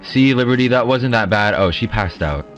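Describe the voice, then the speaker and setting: A man hosting a comedy game-show sketch, sarcastic and deadpan, voicing every contestant himself. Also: mid-range voice, normal speed, dull audio, soft background music. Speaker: host. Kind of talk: comedy sketch with many voices.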